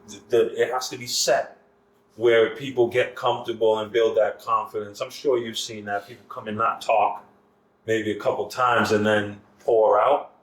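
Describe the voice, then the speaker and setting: A man's voice: fairly low pitch, little pitch movement, normal speed. A man talking as a guest in a casual podcast conversation, earnest and circling back with many restarts. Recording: echoey room.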